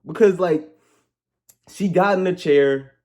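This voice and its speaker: A man giving a casual comedic movie review, rambling, joking and ranting in an animated way. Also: sits high, slow.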